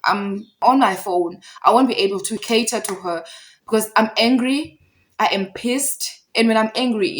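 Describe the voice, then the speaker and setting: A woman's voice: medium pitch, rough recording. A young South African woman retelling a conflict in a casual storytime, emphatic and heated, repeating points for effect. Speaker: storyteller vlogger.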